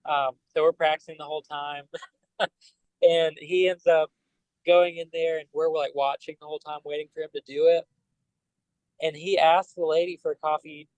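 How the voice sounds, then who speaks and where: A man, a band member guest on a podcast, telling animated stories full of fillers. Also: on the high side, moderate pace, no echo, low-quality recording. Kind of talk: casual storytelling.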